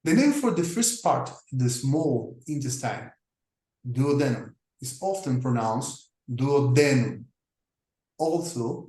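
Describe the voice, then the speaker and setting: A man teaching a lesson, talking through slides deliberately with frequent pauses and fillers. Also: medium pitch, darkish tone. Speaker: English teacher. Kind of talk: slow explanatory lecture over slides. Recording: echoey room.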